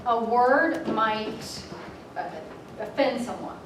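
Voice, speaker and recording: A woman's voice: mid-range voice, moderate pace. A middle-aged woman leading a coaching workshop, chatty, telling self-deprecating stories between her points. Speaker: workshop facilitator. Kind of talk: classroom instruction. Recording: echoey room from far off, noisy.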